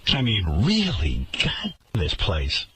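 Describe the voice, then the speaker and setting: Speaking slowly with huge pitch swings, a radio host in his studio vents a sarcastic, indignant monologue about his workplace's management. His voice is pushed and bright, with a little hiss or hum in the background.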